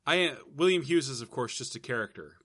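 A man on a comedy podcast keeps his jokes dry and mock-formal, with halting fillers. His tone is bright and forward, and his pitch rises and falls in a lively way. The sound is close and dry. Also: dry recording. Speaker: podcast co-host. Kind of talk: deadpan improvised comedy bit.

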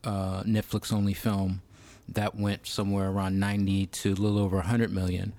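A man co-hosting a casual podcast chat, thoughtful and halting, with many pauses and restarts. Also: low voice, completely flat delivery, mellow, no room sound. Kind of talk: casual film-industry chat.

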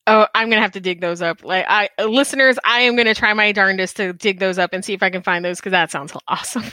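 A woman hosting a podcast interview, lively and bubbly, reading out questions and reacting eagerly. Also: medium pitch, no room sound. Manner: lively, bubbly, quick to laugh. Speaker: podcast host. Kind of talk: casual interview.

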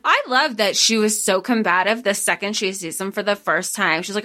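A woman co-hosting a podcast, talking over a book in an animated, casual way with some swearing. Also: mid-range voice, normal speed, hardly any pauses. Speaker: podcast co-host.

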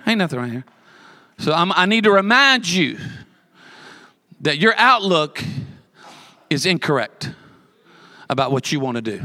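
A man's voice: on the high side, very animated, moderate pace, long pauses, sharp tone. A man preaching a sermon as pastor, telling a story with humor and building repeated emphatic lists.

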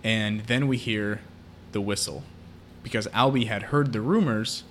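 A man's voice: fairly low pitch, unhurried, fairly bright tone, a little hiss or hum. A man co-hosting a podcast, retelling a film plot in casual chat, with many fillers. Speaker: podcast co-host.

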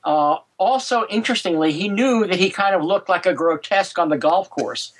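A man telling golf history anecdotes on a podcast, halting with many fillers and restarts. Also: sits high, slightly rough, low-quality recording. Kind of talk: podcast conversation, storytelling.

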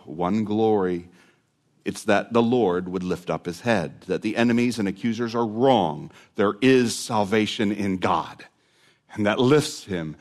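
A man preaching a sermon in an earnest, conversational way, rising into emphatic swells on key points. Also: lowish voice.

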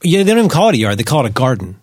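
A man co-hosting a podcast, trading quick jokey asides in casual banter. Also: mid-range voice, sing-song, breathy edge, no echo. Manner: quick jokey asides, reads facts aloud. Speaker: podcast co-host.

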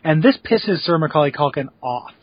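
Husky higher-voiced man, dry wit. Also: expressive, moderate pace, no room sound, muffled recording. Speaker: podcast co-host. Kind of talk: casual chat.

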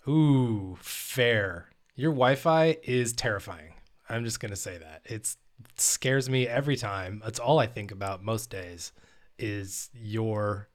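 Deadpan man reading mock performance review. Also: medium pitch. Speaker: podcast co-host. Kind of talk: casual podcast banter.

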